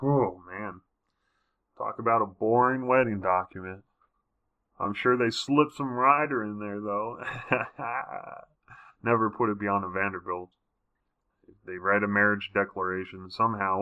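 A man's voice: lowish voice, steady tone, a little slow, pauses often, smooth, narrow, tinny audio. A man reading a history book aloud, breaking off for wry, casual comments. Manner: wry asides between passages.

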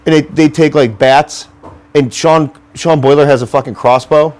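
A man's voice: fairly high pitch, fairly even intonation, moderate pace, a little mellow. A man in casual chat, telling a long, rambling, profane story full of "like" fillers.

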